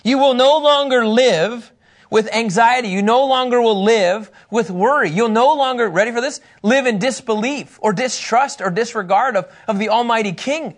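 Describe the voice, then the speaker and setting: A man with a notably high voice preaches a sermon. He teaches with emphatic, animated delivery and acts out the quotes he reads. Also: normal speed. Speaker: pastor.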